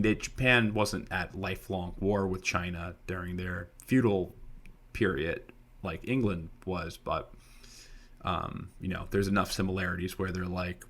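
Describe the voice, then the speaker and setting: A young man with a low but slightly bright voice co-hosts a history podcast. He chats casually and keeps digressing into rambling side stories.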